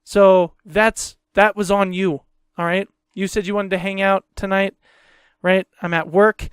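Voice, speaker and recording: A man's voice: high-pitched, flat delivery, unhurried, fairly bright tone, smooth, dry recording, clean studio sound. A man hosting a podcast, ranting heatedly in a casual, profane way and repeating himself. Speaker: podcast host.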